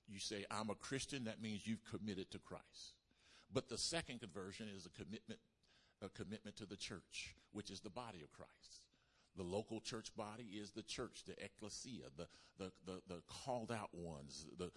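A male pastor preaching a sermon, with call-and-response lines, repeated lists and loud bursts of emphasis. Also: lowish voice.

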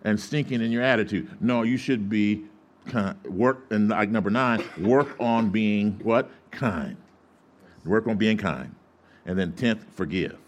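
A man's voice: lowish voice, unhurried, a little hiss or hum. A man preaching a sermon to his congregation, calling for responses and acting out the voices in his stories. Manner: lively call-and-response preaching, acts out quoted voices. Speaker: pastor.

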